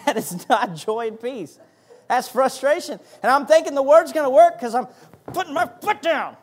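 Male pastor preaching, fairly high voice, gets loud and emphatic, repeats himself, laughs a lot. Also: a little slow. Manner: animated and emphatic, repeats words, laughs often. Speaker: associate pastor. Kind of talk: sermon.

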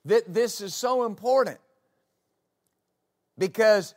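A man preaches in a slow, deliberate cadence, leaning on repeated words for emphasis. His voice sits fairly high, and he builds to loud, fervent exclamations. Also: animated. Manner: rises to loud exclamations at climaxes. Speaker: pastor. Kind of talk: sermon.

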